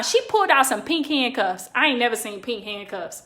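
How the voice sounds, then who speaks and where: High, bright, animated woman storyteller. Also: normal speed, few pauses, reverberant. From California. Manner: animated, profane, acts out quotes with big jumps in pitch. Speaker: comedian telling a story on a livestream. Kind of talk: casual storytelling livestream.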